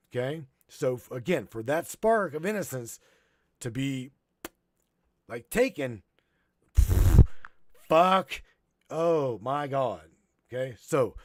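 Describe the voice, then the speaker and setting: Slow, emotional, swearing man host. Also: on the high side, no room sound, studio quality. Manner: rambling, profane, choked up, halting restarts. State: choking up. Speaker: podcast host. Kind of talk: emotional live-stream monologue.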